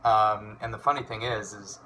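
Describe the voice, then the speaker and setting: A man's voice: fairly low pitch, flat delivery, normal speed, sharp tone, slight background noise. A man in his twenties chatting casually in a vlog, rambling and swearing with lots of fillers. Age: 20s. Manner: rambling, profane, many fillers. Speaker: hobby voice impressionist.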